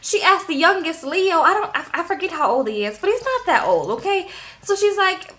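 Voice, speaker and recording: A woman's voice: extremely high pitch, sing-song, moderate pace, a bit bright. A woman chatting casually as she recaps a reality show, tagging her sentences with a questioning "okay?".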